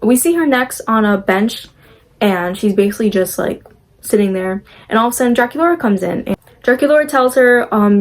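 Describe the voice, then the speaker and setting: A young woman casually recapping a movie, chatty and opinionated, with lots of "like" fillers and quick acted-out character lines. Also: a little high.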